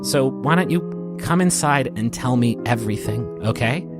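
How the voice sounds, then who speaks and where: A warm, teasing woman who speaks gently, put on by a man telling a tabletop story. She sounds soft and a little tearful. Piano and guitar music plays behind her. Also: medium pitch, expressive, moderate pace, natural voice. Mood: tender, teasing. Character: warm woman craftsman welcoming her husband home.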